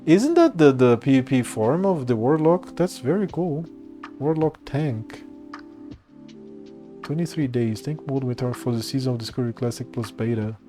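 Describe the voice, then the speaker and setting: A man's voice: mid-range voice, lively intonation, normal speed, dark tone, soft background music. Guy chatting through a game stream, rambly and laid back, cusses here and there. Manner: rambling, laughs and swears often. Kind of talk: casual gameplay commentary.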